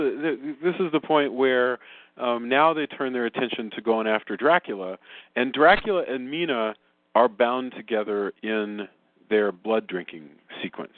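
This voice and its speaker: Guy rambling about a movie on a podcast, jumps up high when excited, dry tinny sound. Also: no echo. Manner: rambling, restarts, animated jumps in pitch. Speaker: podcast co-host. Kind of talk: casual movie review chat. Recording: dry tinny phone-like audio.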